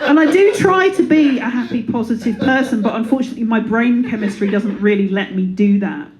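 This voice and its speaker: A woman's voice: a little high, fairly quick, crowd noise, poor audio. A woman in her thirties performing a stand-up comedy set, playful and self-deprecating, slipping into silly voices. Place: comedy club before a live audience. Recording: live room with audience laughter.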